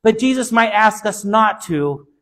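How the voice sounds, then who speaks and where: A man's voice: high voice, expressive, a little slow, a bit bright. A male pastor preaching a sermon with an emphatic, repetitive cadence.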